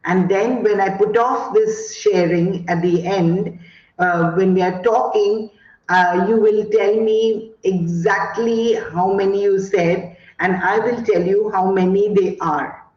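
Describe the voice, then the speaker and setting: Giving an online teacher training talk, a woman from India with an Indian English accent slowly recounts classroom stories, full of fillers. Her mid-range voice is darkish with fairly even intonation, captured through echoey, dull video call audio.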